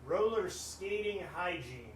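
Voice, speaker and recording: A man's voice: high voice, lively intonation, takes it slowly, heavy background noise. A man playing a fussy old roller-rink janitor with a bad hip, in a put-on Southern drawl that keeps slipping. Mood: grumbling. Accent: put-on American Southern. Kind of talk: live improv comedy. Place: theater stage. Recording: echoey live stage, distant mic.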